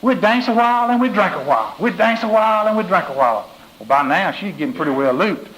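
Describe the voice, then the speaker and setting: A man voicing a small-town furniture seller from the American South, talking out of the side of a curled mouth with a slow drawl. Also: high-pitched, lively intonation, fairly bright tone, poor audio. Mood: bragging. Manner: talks out of a half-moon curled mouth.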